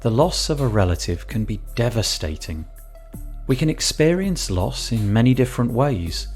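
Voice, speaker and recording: Mid-pitched male host, measured scripted narration, soft music behind. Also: big pitch swings. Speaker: podcast host. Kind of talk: scripted narration between interview clips.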